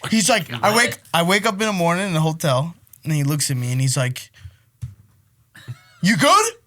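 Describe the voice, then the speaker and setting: A man's voice: on the high side, steady tone, fast talker, a bit bright, slight background noise. A man co-hosting a podcast, telling a crude story with laughter and mock voices of his friends. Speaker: podcast co-host. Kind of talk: casual chat, storytelling.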